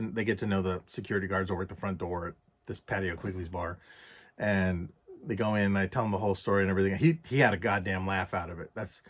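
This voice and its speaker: A man vlogging a casual story, swearing a lot and loudly acting out his own past rants. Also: fairly low pitch. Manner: profane, animated, acts out quoted rants loudly.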